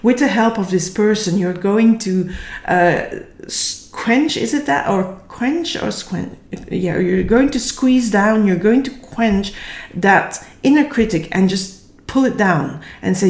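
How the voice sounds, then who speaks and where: A woman giving a casual tarot reading, slightly hoarse and tired, thinking aloud and searching for words. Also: medium pitch, slow pace, a little mellow. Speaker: tarot reader. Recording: echoey room.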